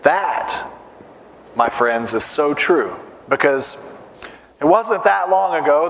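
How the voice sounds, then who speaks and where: A man's voice: on the high side, slight background noise. A middle-aged man preaching a sermon to fathers, earnestly putting direct questions to his listeners. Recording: long reverb of a large hall.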